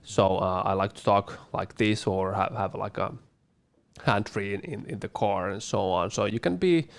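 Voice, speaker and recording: A man's voice: on the low side, normal speed, creaky. A man co-hosting a casual Q&A, speaking hesitantly with repeated words and fillers. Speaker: co-host. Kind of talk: casual panel Q&A.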